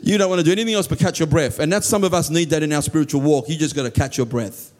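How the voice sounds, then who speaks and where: Speaking rapid-fire, this preacher delivers his sermon with earnest emphasis. He often slips into a quiet, low voice and voices heartfelt prayers.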